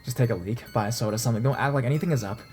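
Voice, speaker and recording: A man's voice: mid-range voice, rapid-fire, darkish tone, faint music behind, natural voice. A man voicing a tense young man who gives his friends urgent, clipped instructions.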